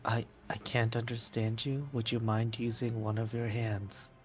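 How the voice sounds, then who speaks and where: A man's voice: medium pitch, level tone, moderate pace, soft background music. A man playing in a casual tabletop role-playing game, easygoing and joking. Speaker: player.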